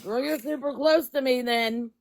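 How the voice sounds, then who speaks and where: A woman's voice: sits high, moderate pace, gravelly. A woman guest on a casual live stream chat, talking bluntly and offhandedly and swearing casually.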